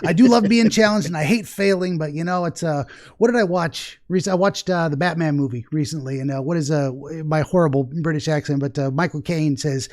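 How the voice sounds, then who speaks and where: A man's voice: fairly high pitch, a little fast, darkish tone. Chatty, laugh-prone male podcast host. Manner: rambling, chatty, laughs often. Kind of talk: casual interview chat.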